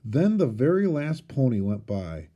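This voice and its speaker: A man, a teacher, reading a storybook aloud with expressive storytelling. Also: medium pitch, measured pace, muffled recording.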